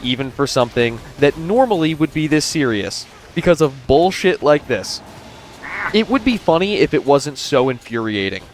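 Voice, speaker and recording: A man's voice: on the high side, very animated, normal speed, slight background noise. Indignant male stream commentator. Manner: indignant, explanatory.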